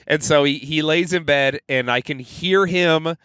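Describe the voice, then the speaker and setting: A man's voice: a little high, a little slow, fairly bright tone, smooth, no room sound. A young man co-hosting a podcast, telling rambling, profane stories in casual chat. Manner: loose, profane storytelling. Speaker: podcast co-host.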